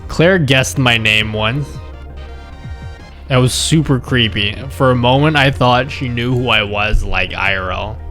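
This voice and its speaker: A man's voice: medium pitch, a little slow, bright, forceful tone, soft background music. A man from the Philippines chatting casually on his stream, rambling, chuckling and answering his chat.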